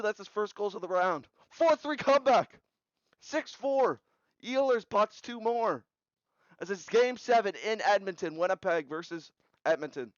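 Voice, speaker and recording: A young man with a fairly high, smooth voice recaps simulated hockey playoffs, firing off scores in short bursts. The sound is close and dry, slightly dull and lo-fi. His energy jumps at big goals. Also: no room sound. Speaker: video game simulation commentator. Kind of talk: play-by-play recap commentary.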